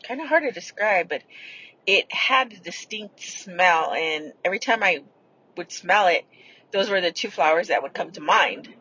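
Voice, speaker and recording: A woman's voice: fairly low pitch, expressive, normal speed, sharp tone, highs cut off, a little hiss or hum. Rambling, foul-mouthed woman telling stories. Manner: rambling, swears freely. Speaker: podcast host. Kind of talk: casual storytelling.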